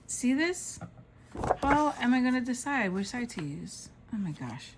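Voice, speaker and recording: A woman's voice: on the high side, very animated, measured pace, background noise. A woman vlogger narrating a casual show-and-tell of craft supplies, gushing and exclaiming over each item.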